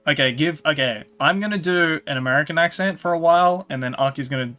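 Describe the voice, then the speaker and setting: A man's voice: on the high side, fast, bright, forceful tone. Rambling Australian man chatting on stream. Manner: rambling, heavy on "like" and "you know". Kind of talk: casual chat.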